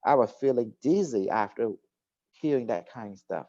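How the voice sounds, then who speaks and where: A man's voice: medium pitch, expressive, moderate pace, mellow, no echo. A man hosting a casual talk show, telling a story at length and with emphasis. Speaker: host. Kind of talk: casual chat. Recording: dull lo-fi recording.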